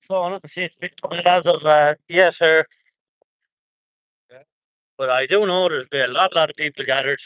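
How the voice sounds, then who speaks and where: A man's voice: on the high side, fairly even intonation, moderate pace, long pauses, a bit bright, clear, resonant tone, no room sound. An Irish man chatting casually on a livestream from an outdoor protest, reading out viewer comments, rambling and chuckling often.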